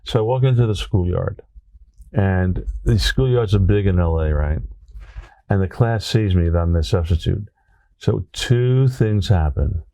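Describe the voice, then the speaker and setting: Man, Brooklyn accent, interview guest, storytelling, low dark voice. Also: unhurried, vocal fry, no echo. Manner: animated storyteller, tag questions like "right?". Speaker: guest, former teacher. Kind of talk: anecdotal storytelling in conversation.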